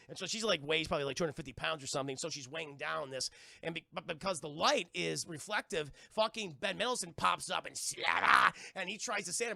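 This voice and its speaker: Brief: a gravelly, sharp-voiced male streamer, casual and profane, reviewing cartoons for his chat. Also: a little high, no echo, clean studio sound. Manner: profane, rambling, talks to chat. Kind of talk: casual livestream episode recap.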